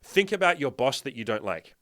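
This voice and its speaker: A man's voice: mid-range voice, big pitch swings, a little fast, sharp tone, dry recording, studio quality. A man coaching his viewers on fitness and dating in a blunt, profane, emphatic way, often asking them rhetorical questions. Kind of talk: direct-to-camera motivational talk.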